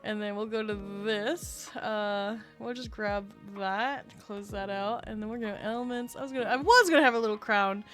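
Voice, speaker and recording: A woman livestreamer chatting casually with her viewers, excitable and chatty, swearing often. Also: medium pitch, moderate pace, few pauses, music in the background. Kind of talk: casual live-stream chat.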